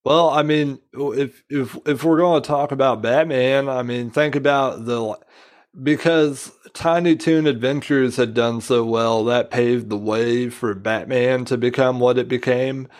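A man's voice: medium pitch, fairly even intonation, a little slow. A man talking as a podcast guest in casual chat, rambling and filling his sentences with "like". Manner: rambling, leans heavily on "like".

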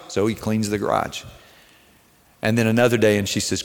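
A man's voice: fairly low pitch, fairly even intonation, fairly quick. Man preaching in a reverberant hall. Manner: conversational storytelling preaching, direct questions to the congregation. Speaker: pastor. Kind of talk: sermon.

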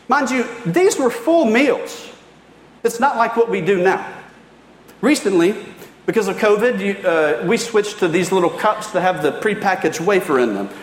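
Man, middle-aged, pastor, lively conversational sermon, higher voice, roomy church echo. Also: moderate pace. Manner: conversational, animated preaching with asides. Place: church hall. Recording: roomy hall reverb.

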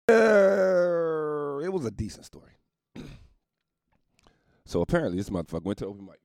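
A man's voice: on the high side, very animated, normal speed, gravelly, pauses often, a little mellow, no room sound, studio quality. A man who is a comedian telling a profane story in a loose, laid-back way, laughing through it. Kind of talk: casual storytelling monologue.

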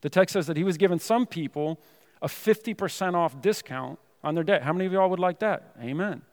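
A man's voice: high voice, a little fast, long reverb tail. A man preaching a sermon in a church, talking in a conversational way with many asides to the congregation. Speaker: pastor. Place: church sanctuary.

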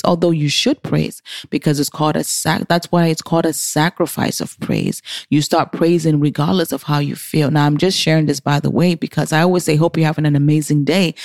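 Low, gravelly woman preaching with lively swings. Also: dry recording, studio quality. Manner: acts out inner voices with big theatrical pitch swings; stops short and restarts words mid-sentence. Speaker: Christian advice speaker for single women. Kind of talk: preachy heart-to-heart talk.

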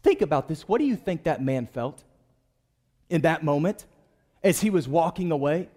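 A male pastor delivers a sermon in church, urging the congregation to answer back. His voice sits high and swings widely in pitch. He preaches with lively, rising and falling emphasis. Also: moderate pace, in a large hall. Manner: preaching with call-and-response to the congregation.

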